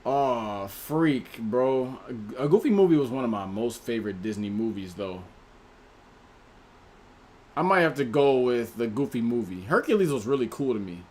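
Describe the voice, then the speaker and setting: A man hosts a relaxed livestream and talks straight to his chat. He reads viewers' names and their picks one after another in a loose, slangy way. His voice sits at an ordinary middle pitch for a man. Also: moderate pace. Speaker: livestream host.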